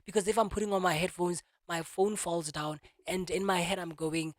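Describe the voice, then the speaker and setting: A young man talking to camera in a casual monologue, animated, restarting and repeating himself often. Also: high voice, moderate pace, no room sound, studio quality. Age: young adult. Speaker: vlogger.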